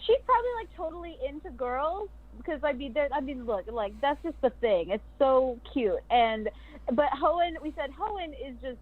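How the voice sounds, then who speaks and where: A woman's voice: sits high, animated, normal speed. A voice actress guest chatting casually and bubbly, giggling and acting out her character's lines. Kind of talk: casual chat on a video call podcast. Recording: tinny phone-like remote audio.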